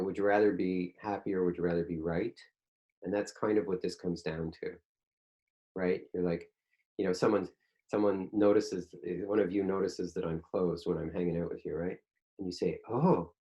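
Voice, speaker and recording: A lower-pitched man teaching a spiritual course, talking loosely with lots of "you know" and restarts. He slips into little acted-out quotes of what people say to themselves. The delivery is conversational and unscripted. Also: a little mellow, highs cut off. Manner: rambling, frequent fillers and restarts, acts out quoted voices. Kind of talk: casual spiritual teaching talk. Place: online group class.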